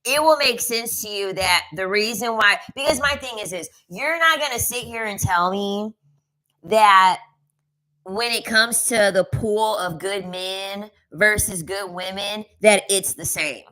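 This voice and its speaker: Sassy, emphatic woman with a bright voice. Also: medium pitch, a little slow, rough recording. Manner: sassy, emphatic, repeats lines for effect. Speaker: commentary vlogger. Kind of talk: casual commentary rant.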